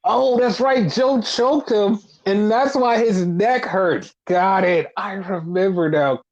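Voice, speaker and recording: On a muffled recording, a podcast host recaps wrestling in casual chat, speaking slowly in a mid-range voice. He's animated, swears often, and acts out what others said.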